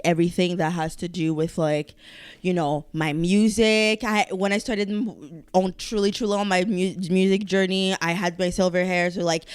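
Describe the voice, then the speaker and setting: A woman's voice: lowish voice, smooth, no room sound, clean studio sound. A woman hosting her own podcast in a casual, rambling solo chat. She swears freely, trails off, restarts her sentences and speaks candidly. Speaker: podcast host.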